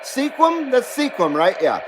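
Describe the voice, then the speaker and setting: A man hosting a CB radio livestream, chatting casually and reading out viewer comments in a laid-back, drawn-out way. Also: high-pitched. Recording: steady background noise.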